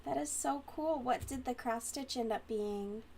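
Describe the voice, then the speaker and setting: A woman's voice: a little high, a little slow, creaky, darkish tone, a little hiss or hum. A woman hosting a crochet livestream, chatting casually and rambling as she reads comments aloud, often giggling.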